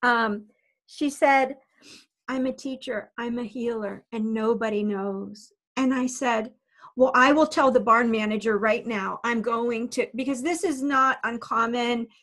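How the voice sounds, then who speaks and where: High-voiced woman telling a story. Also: measured pace. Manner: animated, laughing storyteller. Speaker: animal communicator. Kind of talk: storytelling in casual chat.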